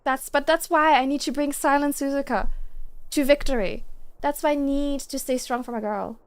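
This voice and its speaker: A woman's voice: sits high, steady tone, normal speed. A young woman streaming games, chatting casually and gushing to her chat with giggles.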